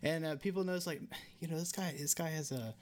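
Young man, Southern accent, podcast host, fairly high voice, rambling, lots of fillers. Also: fast. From American South. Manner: rambling, many restarts and fillers. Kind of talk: casual interview.

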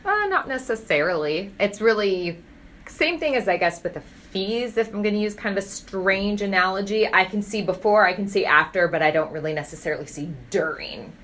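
A woman's voice: medium pitch, lively intonation, moderate pace, fairly bright tone. A woman clinician on a panel, thinking aloud and explaining her approach. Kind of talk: casual clinical panel discussion.

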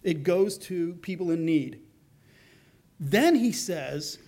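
A middle-aged man preaching a sermon, his voice sitting high for a man. He talks in an easy, conversational way and slips into the voices of the people in his stories. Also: lively intonation, slow, pauses often, darkish tone. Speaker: pastor.

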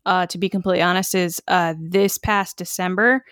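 A woman in her twenties from Connecticut chats casually on a podcast. She tells anecdotes with lively, acted-out quotes. The sound is close and dry, with no room echo. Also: on the low side, fairly quick, clear, resonant tone. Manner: animated storyteller, acts out quotes. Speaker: podcast co-host. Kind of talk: casual chat.

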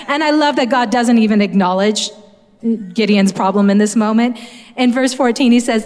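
A woman's voice: on the high side, moderate pace, a little mellow. Earnest woman preacher in a reverberant hall. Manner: earnest, conversational, direct to listeners. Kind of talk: sermon.

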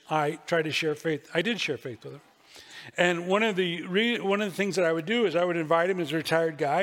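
Man, pastor, sermon, folksy storytelling, fairly high voice, long church reverb. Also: fairly bright tone. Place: church sanctuary.

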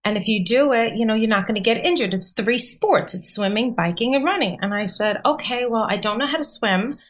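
A woman's voice: on the high side, fairly quick. A woman in her forties, a podcast guest, telling a personal story in casual talk with an earnest, heartfelt manner. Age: 40s. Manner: earnest, heartfelt, tells a story in long runs.

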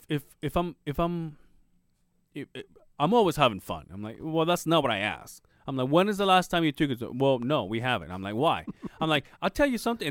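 Animated man telling a story on a podcast. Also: a little high, dry recording, studio quality. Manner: animated storyteller acting out quoted people, swearing freely. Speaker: podcast co-host. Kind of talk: casual storytelling chat.

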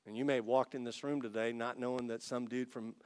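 A man from Italy, a pastor, telling his story to a congregation as a sermon, acting out both sides of the dialogue and building to excited peaks. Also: mid-range voice, fast talker, smooth. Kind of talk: testimony sermon.

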